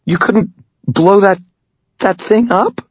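A man's voice: high-pitched, slow pace, slightly rough, dry recording, lo-fi sound, voice pushed up, exaggerated voice. A man voicing a frightened young girl in an audiobook, her lines unsteady and breathless. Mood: shaky. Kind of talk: audiobook character voice.

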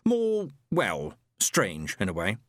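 A man's voice: fairly low pitch, huge pitch swings, takes it slowly, a bit bright, no echo, studio quality, exaggerated voice. A man voicing an earnest, somewhat awkward young man who speaks hesitantly and with mild bemusement.

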